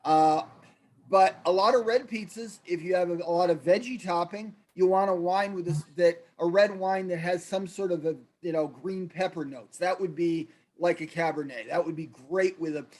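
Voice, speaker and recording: A man's voice: high-pitched, fairly even intonation, moderate pace, darkish tone. A man hosting a casual wine talk on a video call, explaining pairings with frequent restarts. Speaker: wine presenter.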